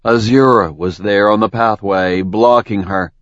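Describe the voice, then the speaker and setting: A man narrating a dark fantasy novel in a measured, even reading. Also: fairly low pitch, no echo, lo-fi sound. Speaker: audiobook narrator.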